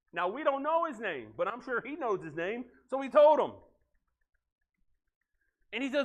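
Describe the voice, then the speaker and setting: A male pastor preaching a sermon earnestly, swinging from loud to hushed. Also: very high-pitched, lively intonation, normal speed.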